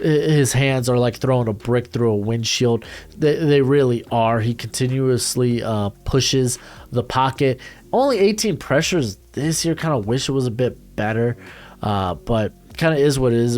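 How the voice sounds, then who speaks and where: A young adult man giving a casual, rambling breakdown of football draft prospects, full of fillers, restarts and blunt asides. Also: medium pitch. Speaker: NFL draft analyst.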